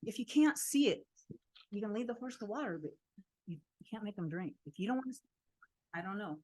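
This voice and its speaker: Woman, public comment, animated storytelling, indignant, mid-pitched voice. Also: a little fast. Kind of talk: public comment at a council meeting.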